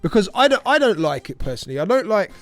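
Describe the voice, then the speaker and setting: High-voiced man in animated podcast banter. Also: fast talker, soft background music. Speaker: podcast co-host, DJ. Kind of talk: casual chat.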